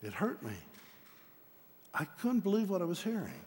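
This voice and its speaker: A man's voice: wildly swooping pitch, moderate pace, a little mellow. A middle-aged man preaching, telling his own story in an earnest, storytelling way. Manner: storytelling, earnest, rises in pitch when emphatic. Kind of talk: sermon testimony. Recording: long hall reverb.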